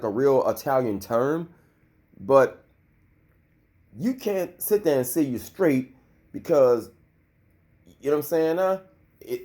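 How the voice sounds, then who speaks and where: A man's voice: medium pitch, darkish tone. A man in his thirties giving a loose, heated and profane commentary rant, full of filler. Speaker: vlogger.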